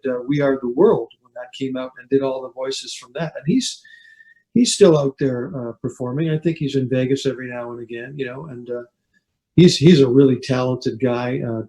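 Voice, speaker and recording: Mellow-voiced Canadian man chatting as guest. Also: mid-range voice, low-quality recording. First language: French. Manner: relaxed, rambling, many restarts and fillers. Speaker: guest singer. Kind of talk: casual interview chat.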